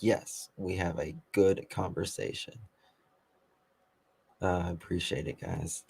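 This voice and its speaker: A man hosting a casual live stream as a web sleuth, reading chat comments in a calm, dry, teasing way. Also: low voice, slow pace, gravelly, slightly rough.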